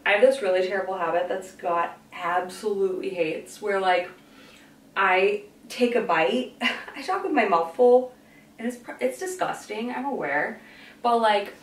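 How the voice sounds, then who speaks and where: A woman's voice: mid-range voice, far from the mic. Rambling young woman in an echoey room. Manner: rambling, goes off on tangents. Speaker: fashion vlogger. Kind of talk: casual chatty vlog. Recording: echoey room, voice a bit off-mic.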